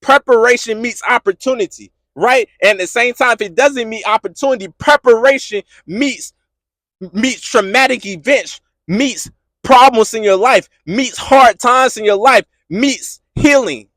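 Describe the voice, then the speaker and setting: A man with a high, bright-edged voice gives a motivational talk about faith. He is impassioned and repetitive, and he pushes up into shouting when he gets fervent. The sound is dry and close, with no room around it. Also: measured pace, no echo. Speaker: podcast host.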